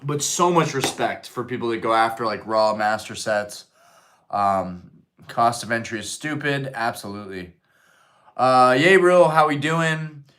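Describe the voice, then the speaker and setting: A man's voice: mid-range voice, expressive, measured pace, a bit bright. Rambling male live stream host. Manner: rambling, lots of fillers, reads and answers chat. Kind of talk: casual chat on a live stream.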